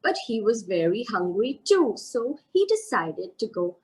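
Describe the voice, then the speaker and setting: A woman narrating a children's story live, animated and sing-song, asking her listeners questions. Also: a little high, measured pace, hardly any pauses, low-quality recording.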